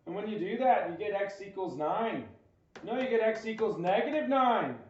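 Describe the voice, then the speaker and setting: A man's voice: high-pitched, animated, moderate pace, slight background noise. A man teaching a math homework lesson, walking through problems step by step, quizzing the listener and adding playful jokes. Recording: echoey, dull lo-fi recording.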